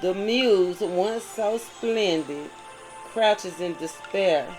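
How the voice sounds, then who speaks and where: This spiritual monologue from a tarot reader moves extremely slowly, in a mid-range voice captured on a low-quality recording with background music. Preachy in manner, the reader weaves together read passages and heartfelt commentary and keeps checking in with "right?".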